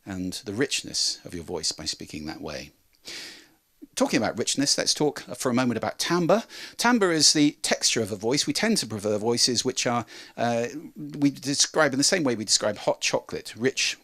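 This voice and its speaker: A man presenting a talk on how to speak, demonstrating with lively changes of pitch and volume. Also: moderate pace. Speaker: speaker on voice and communication.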